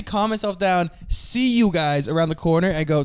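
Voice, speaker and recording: A man on a podcast tells a story with lively energy, swearing freely and breaking into laughter mid-sentence. His voice sits fairly high for a man. It is casual, loose comedic storytelling between friends. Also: brisk, hardly any pauses, clear, resonant tone. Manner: animated, swearing, laughing through his words. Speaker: comedian guest.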